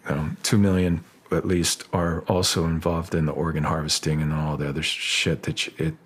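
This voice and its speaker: A middle-aged man, an actor guest in a casual interview, speaking with a husky voice, often restarting his sentences and growing lively as he tells a story. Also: very deep voice. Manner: halting, restarts often, grows animated while telling a story.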